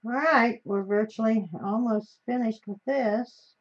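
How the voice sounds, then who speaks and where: A woman's voice: on the high side, a little slow. A woman from the United States hosting a live stream while she crafts, talking in a chatty, rambling way that often trails off mid-sentence. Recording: slightly dull, faint hiss.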